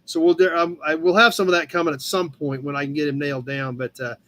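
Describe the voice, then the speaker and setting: A Midwestern American man hosts a casual live-stream chat, his voice pitched high. He rambles easily through viewers' posts, sprinkling in fillers and thanking people by name. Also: flat delivery, quick pace, pushed and bright. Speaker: host of a live car-hobby chat show. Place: home room with a cat nearby.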